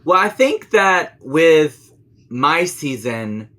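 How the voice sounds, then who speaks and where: A man's voice: fairly high pitch, big pitch swings, very slow, bright, forceful tone. A man co-hosting a podcast, giving opinions in casual chat and repeating points for emphasis. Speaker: podcast co-host.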